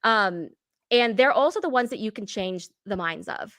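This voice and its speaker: A woman's voice: mid-range voice, animated, moderate pace, a bit bright, dry recording. Woman, co-host, casual chat, rambling, lots of fillers, dry close sound. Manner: rambling, many fillers, acts out quotes.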